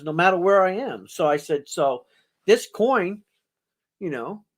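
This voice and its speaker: A middle-aged man hosting a coin auction, telling rambling anecdotes to his audience and chuckling as he goes. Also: on the high side. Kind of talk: casual storytelling to a live audience.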